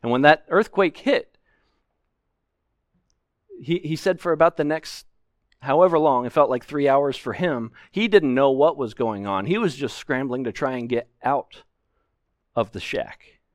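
A man's voice: mid-range voice, a little slow, pauses often, no room sound, clean studio sound. Earnest emphatic male preacher. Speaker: pastor. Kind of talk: expository sermon. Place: church sanctuary, at a pulpit.

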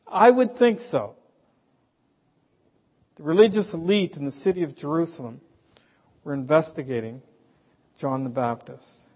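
Man preaching slow and emphatic, husky voice, echoey hall, kinda muffled. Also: on the high side, a little mellow. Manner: slow, emphatic, rhetorical questions. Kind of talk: sermon. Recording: dull, hall reverb, from a distance.

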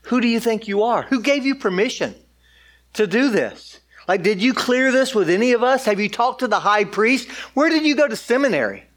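A man's voice: very high-pitched, lively intonation, normal speed, a bit bright, pitched above the performer's own voice. A man voicing indignant, jealous religious leaders who mockingly question someone's authority. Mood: scoffing.

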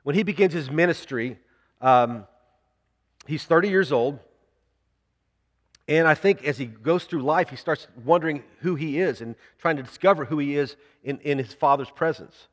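Guy preaching a sermon, earnest, kinda higher voice, long echo like a church hall. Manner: earnest preaching, slows down to read scripture aloud. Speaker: pastor.

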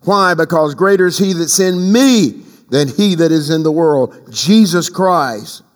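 A man's voice: fairly high pitch, animated, measured pace. An older man preaching a sermon as pastor, emphatic, leading the congregation in call-and-response. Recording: long hall reverb.

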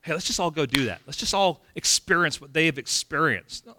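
A male pastor preaching a sermon in a lively, conversational way from California, acting out scenes with playful sound effects. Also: on the high side, brisk, hardly any pauses, no echo, clean studio sound.

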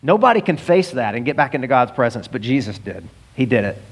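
A man preaching a sermon, telling stories with animated, emphatic delivery. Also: mid-range voice, brisk, husky. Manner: animated storytelling preacher, rising to emphatic peaks. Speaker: pastor.

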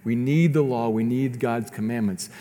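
A man's voice: mid-range voice, moderate pace, warm tone, long reverb tail. A man preaching a sermon as pastor, earnest and often repeating words as he builds his points.

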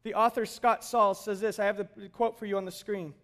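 A man with a notably high speaking voice delivers a sermon from the front of a church. He talks conversationally and jokes with the congregation as he preaches. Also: little pitch movement, fairly quick, a bit bright. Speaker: pastor.

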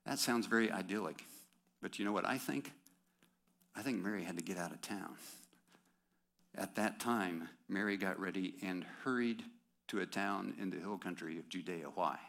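A man preaching a sermon in a church service, talking conversationally to the congregation with rhetorical questions and quick asides. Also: deep voice, creaky, fairly bright tone. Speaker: pastor.

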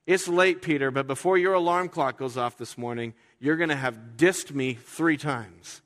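A man preaching a sermon as pastor, talking in a conversational way and acting out quoted voices with sudden jumps in pitch. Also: moderate pace, few pauses, fairly bright tone. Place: church sanctuary. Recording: reverberant hall.

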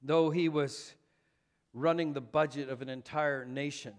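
A man's voice: a little high, steady tone, a little slow. A man preaching a sermon as pastor, conversational and self-deprecating, with frequent fillers.

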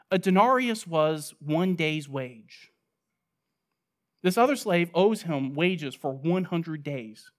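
A man with a fairly high voice preaches an expository sermon with emphatic, pointed delivery. He poses rhetorical questions and answers them himself. He swings from loud stress to hushed, low asides. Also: expressive, takes it slowly.

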